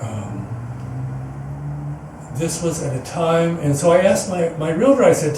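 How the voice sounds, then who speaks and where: A man's voice: on the high side, big pitch swings, measured pace, pauses often. A man giving a personal storytelling talk as guest speaker at a spiritual center, earnest and rambling, often restarting his sentences. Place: meeting hall, indoors. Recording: echoey hall, distant mic, background noise.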